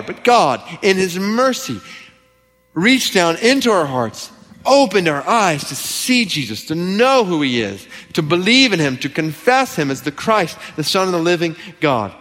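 Earnest preacher in a reverberant hall. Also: male voice, sits high, sing-song, measured pace, fairly bright tone. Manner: earnest, emphatic, repeats key lines for stress. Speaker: pastor. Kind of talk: expository sermon. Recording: long reverb from a large hall.

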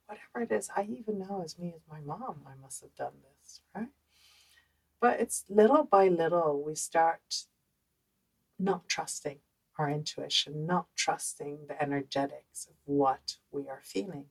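A woman with a Dutch accent hosting a podcast, telling a personal story in an animated, conversational way with lots of fillers. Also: on the low side, moderate pace, creaky, slightly rough, poor audio. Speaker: podcast host.

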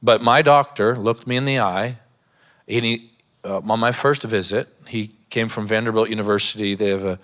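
A man's voice: on the low side, a bit bright. A man, a pastor, preaching a sermon in a church, mixing scripture with a humorous personal story and laughing often.

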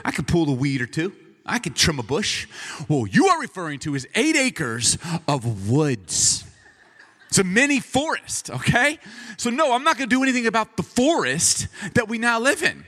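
Pastor guy in his 40s telling a funny story, super animated, bright sharp voice, echoing church hall. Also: high voice, moderate pace. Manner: animated, self-mocking, punchy. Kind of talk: humorous sermon storytelling.

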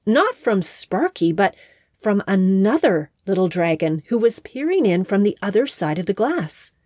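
A woman host narrating a scripted story in a calm, expressive way on a close mic. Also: mid-range voice, no room sound.

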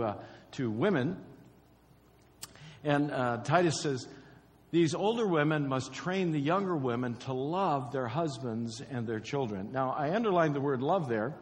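Casting: male pastor, mid-pitched, chatty sermon delivery, reverberant church hall recording. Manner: conversational, repeats key phrases, quizzes the congregation.

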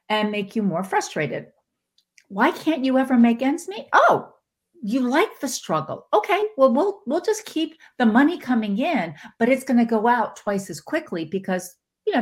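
Woman putting on the universe, high, sing-song, mockingly cheerful and literal.

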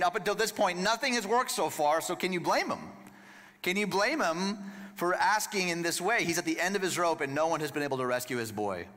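A man preaching a sermon in a conversational, emphatic way, dropping to a hush and then lifting again. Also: fairly high pitch. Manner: conversational, emphatic, swings between hushed and lively. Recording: long reverb of a large room.

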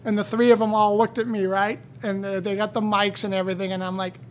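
A man in casual conversation, telling stories in an animated way. He often repeats words and gets louder as he goes. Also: sits high, fast.

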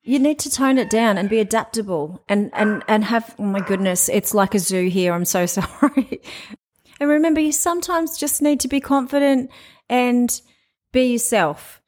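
A woman's voice: fairly high pitch, normal speed, a little mellow, a little hiss or hum. A middle-aged woman hosting a podcast, giving frank, chatty sales advice and laughing now and then. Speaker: podcast host and sales trainer. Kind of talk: casual podcast monologue.

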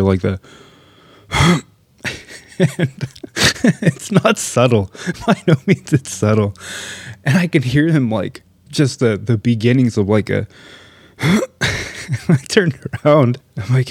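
A man in his thirties telling a comic story about his son in a casual, animated way, swearing, laughing often and dropping into whispers. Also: on the low side, dry recording, studio quality. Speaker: storyteller, father.

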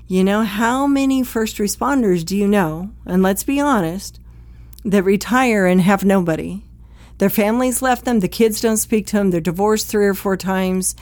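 A woman's voice: mid-range voice, a little mellow, dry recording. Woman, counselor giving a talk, direct and plain-spoken, conversational teaching, acts out quoted exchanges, dry close sound. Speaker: counselor for first responders.

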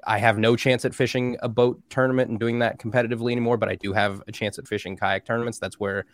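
A man's voice: medium pitch, flat delivery, fast. A man co-hosting a podcast, talking casually with strong opinions. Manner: opinionated, mocking impressions. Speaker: podcast co-host. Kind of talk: casual chat.

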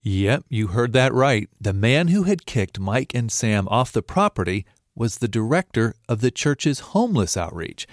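A male reporter narrates a news feature, talking directly to the listener. His voice rises and falls a lot at a middling pitch. The recording is close and dry. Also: sing-song, unhurried, dry recording.

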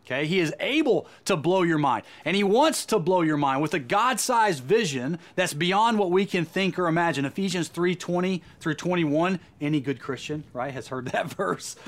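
A man's voice: a little high, expressive, normal speed, hardly any pauses. A man delivering a sermon as a Christian speaker, earnest and emphatic, often repeating words as he goes.

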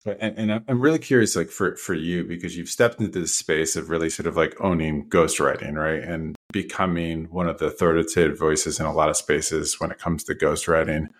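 Low-voiced man asking rambling questions. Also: fairly even intonation, brisk, few pauses. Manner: rambling, searching questions with many hedges. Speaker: podcast host. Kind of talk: casual podcast interview.

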